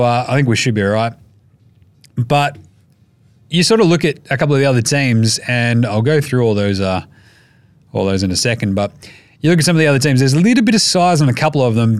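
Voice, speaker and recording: A man's voice: medium pitch, no room sound. An Australian man hosting a casual sports podcast, talking in an irreverent, jokey and profane way. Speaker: podcast host.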